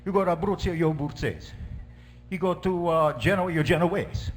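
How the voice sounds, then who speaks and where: Sounding close to an everyday voice at a fairly high pitch and normal speed, a man performs a stand-up character sketch as a joking middle-aged Italian priest. He tells jokes jovially in a fake Italian accent and broken English.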